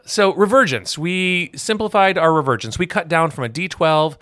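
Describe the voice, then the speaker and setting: A man co-hosting a podcast in casual chat, chatty and digressive, quick to laugh. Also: fairly high pitch, fairly bright tone, dry recording, studio quality. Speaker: podcast co-host.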